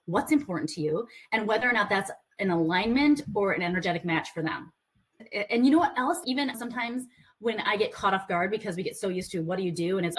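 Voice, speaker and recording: A woman business coach giving a conversational talk to a group, earnest with playful asides. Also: medium pitch.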